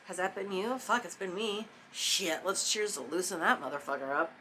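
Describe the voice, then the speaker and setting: A woman giving a casual, profane motivational monologue about forgiveness, emphatic and spontaneous, sometimes dropping into soft mock whispers. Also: lowish voice, expressive, moderate pace, a little hiss or hum. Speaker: spiritual self-help vlogger.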